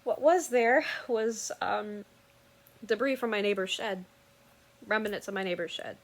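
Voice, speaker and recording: A woman's voice: mid-range voice, a little slow. A woman earnestly recounting a personal story in casual, rambling talk that often corrects itself mid-sentence.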